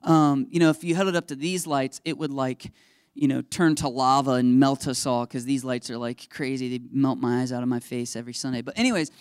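A male pastor giving a casual, animated sermon in a church, acting out the people in his stories. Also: medium pitch, brisk, smooth, no echo, clean studio sound. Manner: animated storytelling, acts out voices. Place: church sanctuary under stage lights.

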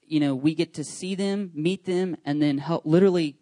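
Pastor, man, 30s, chatty and eager, slightly raised pitch, dry close sound. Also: moderate pace, no room sound. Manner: chatty, rambling with many fillers and restarts; enthusiastic, excitable. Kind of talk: casual church announcements. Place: church service.

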